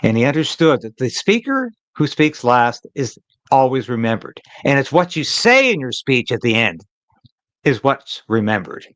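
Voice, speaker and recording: A man's voice: mid-range voice, sing-song, normal speed, a bit bright, no room sound, rough recording. A man hosting a live political commentary stream, talking in an emphatic, opinionated way and repeating phrases to drive a point home.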